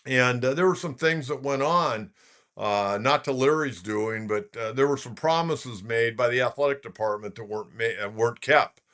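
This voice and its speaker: With a medium-pitched, fairly bright voice at normal speed, an older California man in his sixties runs a laid-back sports talk show. His storytelling is folksy and meandering, dotted with plenty of "uhs."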